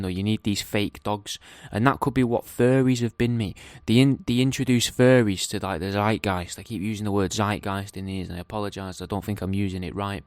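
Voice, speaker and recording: A man's voice: on the low side, dry recording. A man rambling through a profane, comically speculative solo rant. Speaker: podcaster giving a daily update.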